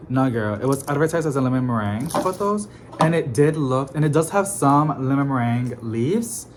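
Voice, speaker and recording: A young man talking in a rambling, expressive, sassy way, laughing often, in a casual vlog at home. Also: medium pitch, brisk, background noise. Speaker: plant vlogger. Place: home apartment, indoors.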